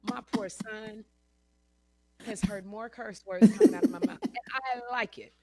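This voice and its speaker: A woman's voice: fairly high pitch, measured pace. A woman in her fifties, a guest in a casual interview, telling stories animatedly, acting out quotes and laughing often. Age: 50s.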